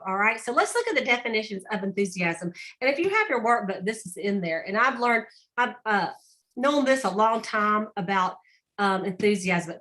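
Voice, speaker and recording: A woman's voice: a little high, bright, forceful tone. A woman, leading an online team training over a video call in an upbeat, chatty, encouraging way. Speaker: sales director leading a team meeting.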